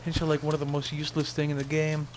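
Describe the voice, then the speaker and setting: A man's voice: a little high, completely flat delivery, fast talker, a little hiss or hum. A young man giving casual, rambling commentary over a survival game, sarcastic and swearing freely. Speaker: gaming channel host.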